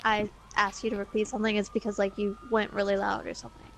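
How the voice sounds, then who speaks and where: A woman's voice: medium pitch, flat delivery, fast, slight background noise. A woman with a stuffy nose co-hosting a casual online show, chatty and apologetic, full of likes, over an online call. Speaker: co-host. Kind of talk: casual podcast chat. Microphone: home mic over an online call.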